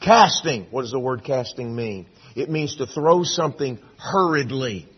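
A middle-aged man preaching a sermon, shifting from hushed, intimate lines to loud, emphatic bursts, with a husky voice. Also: medium pitch, expressive, normal speed, dull audio. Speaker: pastor.

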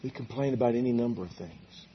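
A man's voice: medium pitch, fast, muffled recording, a little hiss or hum. A male preacher giving a folksy, story-filled sermon, acting out characters in a church auditorium.

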